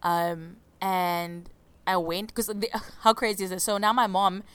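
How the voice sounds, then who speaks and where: A woman telling stories in a casual chat, animated and laughing often. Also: mid-range voice, unhurried, clear, resonant tone, no room sound. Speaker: radio co-host.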